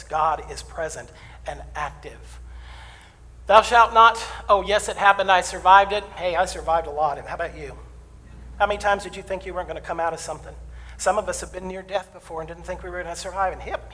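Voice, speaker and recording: Animated middle-aged minister in a reverberant church. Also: male voice, sits high. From southern United States. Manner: conversational and animated, swinging from loud declarations to hushed asides; acts out congregants' complaints in quoted voices. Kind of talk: sermon. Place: church sanctuary. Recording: long hall reverb, faint room noise.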